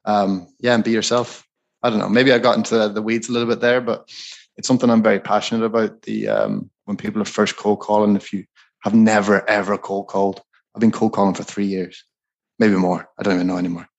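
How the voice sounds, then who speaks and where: Low gravelly guy chatting easy on a podcast, kinda rambly, lots of fry. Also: a little fast, muffled recording. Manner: relaxed, conversational, rambling advice. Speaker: podcast co-host. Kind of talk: casual podcast chat giving sales advice.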